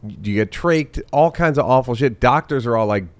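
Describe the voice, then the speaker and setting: Comedian guest, man, lowish voice, deadpan and rambling. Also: normal speed, clear, resonant tone. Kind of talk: casual comedians' chat.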